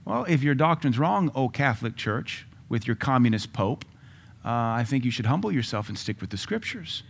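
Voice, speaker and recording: A man's voice: medium pitch, sing-song, normal speed, creaky, breathy edge. A male pastor giving a sermon in a conversational way, with sudden emphatic rises and asides.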